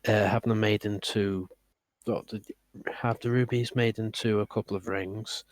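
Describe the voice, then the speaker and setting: A man playing a tabletop game who sounds hesitant, uses many fillers and rushes some phrases. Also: fairly low pitch, steady tone, rough recording. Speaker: player. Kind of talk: casual tabletop play.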